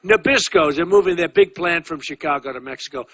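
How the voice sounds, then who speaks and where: At a campaign rally, a US man in his sixties talks briskly in a fairly high, somewhat bright voice. He repeats himself, brags, and keeps things conversational, tossing asides to the audience.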